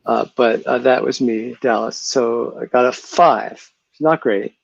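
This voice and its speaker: Slow, gravelly male player. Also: medium pitch, no echo. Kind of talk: casual tabletop play. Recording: dull lo-fi mic.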